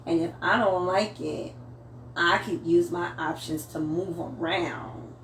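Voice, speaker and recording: A woman's voice: fairly low pitch, steady tone, slow pace. A woman guest in a casual chat, talking candidly about her own life. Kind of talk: casual chat over drinks. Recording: echoey room, voice from mic distance, faint noise.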